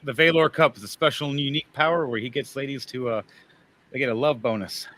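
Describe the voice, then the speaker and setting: A man's voice: mid-range voice, fairly even intonation, quick pace, a bit bright. Rambling man running a tabletop game. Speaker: game master.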